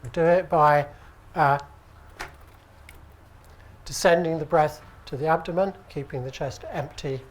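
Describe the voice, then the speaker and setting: A British man teaching at an acupuncture conference, speaking in a relaxed, conversational way and often checking with the audience. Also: a little high, unhurried, pauses often. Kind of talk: conference lecture. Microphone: handheld microphone.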